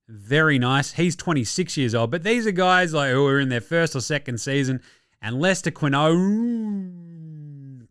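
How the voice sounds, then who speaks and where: Australian male host, lively pitch, dry close sound, sweary comic sports chat. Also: smooth, dry recording. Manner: profane, jokey, animated rants. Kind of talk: casual sports commentary.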